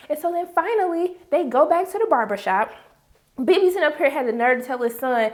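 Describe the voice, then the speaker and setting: A woman reviewing a TV episode in a casual, animated, exasperated recap full of slang. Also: high-pitched, fairly quick.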